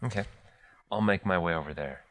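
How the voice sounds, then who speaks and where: Low-voiced male player, wry and laid-back, casual. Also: brisk, fairly bright tone. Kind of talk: casual podcast chat.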